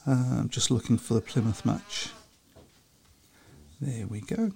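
A man with a gravelly edge to his mid-pitched voice keeps a podcast chat moving. He reads out scores and listener comments in a chatty, easy way. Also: sing-song, unhurried, dark tone. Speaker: podcast co-host. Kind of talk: casual chat about speedway.

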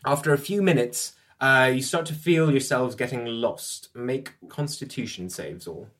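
A man's voice: medium pitch, measured pace, fairly bright tone, slight background noise. A man running a tabletop role-playing game as game master, narrating in a rambling way with frequent laughs. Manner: rambling, laughs often, restarts sentences.

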